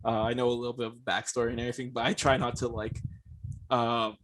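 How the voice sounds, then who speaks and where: A man's voice: medium pitch, level tone, fast, a bit bright. A man chatting casually as a podcast guest, laid-back, swearing freely and acting out the people he quotes. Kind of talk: casual chat.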